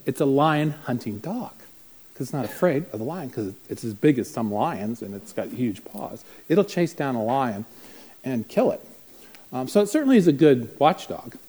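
A man's voice: medium pitch, moderate pace, husky. Guy telling a story to a class, voice jumps all over, acts out the other people. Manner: animated, acts out voices in his stories. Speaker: speaker at a parenting class. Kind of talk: storytelling talk to a live group.

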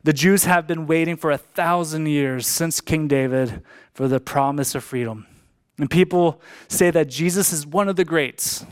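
A man's voice: on the high side, normal speed, clear, resonant tone. A man preaching a sermon as a pastor, emphatic, repeating key lines for emphasis.

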